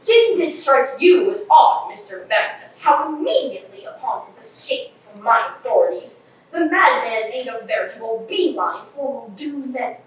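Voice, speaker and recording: A woman's voice: fairly high pitch, lively intonation, moderate pace, close to an everyday voice. A woman on a school stage playing a pompous, bumbling male police inspector in a live play, declaiming in a grand, theatrical way. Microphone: distant room mic. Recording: echoey hall from far off, faint hiss.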